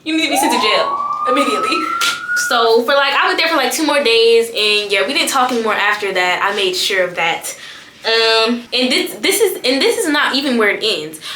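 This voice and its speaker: A young woman telling a personal story in an animated storytime vlog, slangy and expressive, laughing often and repeating lines for emphasis. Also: on the high side, moderate pace, background noise. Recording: echoey room with faint background music.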